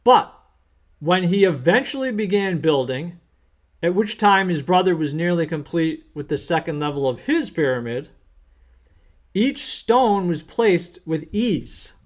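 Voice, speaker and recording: A man's voice: a little high, lively intonation, measured pace. A man who works as an accountant, teaching small business owners through an earnest, plain-spoken story. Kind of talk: storytelling lesson.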